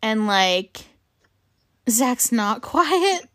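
A woman's voice: a little high, very animated, drawn-out words, fairly bright tone. A young woman hosting a casual chat with a friend, talking in a loose, chatty way with lots of fillers and laughter. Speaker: podcast host.

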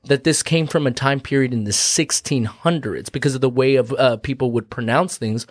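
A man's voice: medium pitch, moderate pace, no echo, clean studio sound. A man co-hosting a casual podcast, explaining things in a rambling, profane way full of asides. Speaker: podcast co-host. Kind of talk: casual chat.

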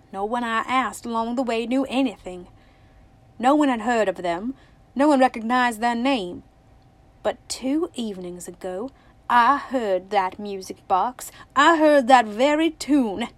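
A woman narrator gives voice to a scheming man in a yellow suit from a storybook. He talks easily, almost friendly, with a slick, persuasive edge. The voice sits a touch high. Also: no echo, natural voice. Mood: smooth. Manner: easy, almost friendly, turning shrill and petulant.

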